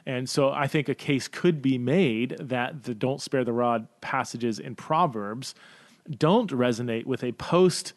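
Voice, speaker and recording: A man's voice: medium pitch, a little slow, no echo. A man hosting a Q&A podcast, thinking aloud with lots of fillers and restarts and stumbling over words. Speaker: podcast host. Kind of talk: casual Q&A podcast talk.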